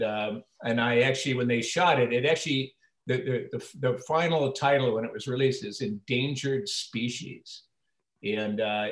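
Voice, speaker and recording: Older man, casual guest storyteller, full of restarts and acted quotes, mid-pitched voice in an echoey room. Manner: rambling anecdotes with many restarts, acting out quoted lines. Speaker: actor interviewed as guest. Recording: roomy echo.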